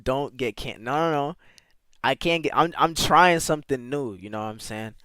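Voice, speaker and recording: A man's voice: medium pitch, normal speed, sharp tone, clear, resonant tone, no echo. A man streaming live, chatting casually with his viewers and playfully sounding out foreign words. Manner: talks to chat with slangy asides.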